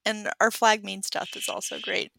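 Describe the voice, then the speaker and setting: A woman's voice: medium pitch, level tone, moderate pace, creaky, sharp tone, no echo. A woman co-hosting a podcast and chatting casually about a film, rambling with many hesitations and giggles. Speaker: podcast co-host. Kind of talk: casual movie-review chat.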